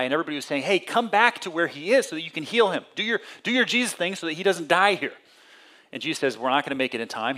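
A man delivering a sermon in a slightly higher voice. He talks in a conversational way, restarts his phrases, and swings between loud, raised emphasis and low, quiet tones. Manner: conversational preaching with many restarts and sudden rises in pitch and volume. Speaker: pastor.

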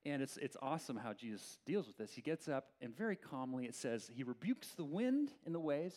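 A man preaching a sermon in a conversational, animated storytelling way. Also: mid-range voice. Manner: opens in a soft, slow prayer. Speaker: pastor.

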